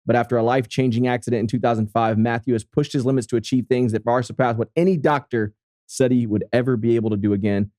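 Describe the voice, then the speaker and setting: A man's voice: medium pitch, fairly even intonation, quick pace, warm tone, dry recording, clean studio sound. A man hosting a podcast, introducing segments and a guest in an upbeat, friendly way. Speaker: podcast host. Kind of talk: casual chat and sponsor read.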